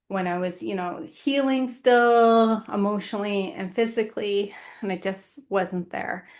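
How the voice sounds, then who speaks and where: A woman, a guest author on a podcast, speaking in an earnest, measured way in short phrases. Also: mid-range voice. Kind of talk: reflective podcast conversation.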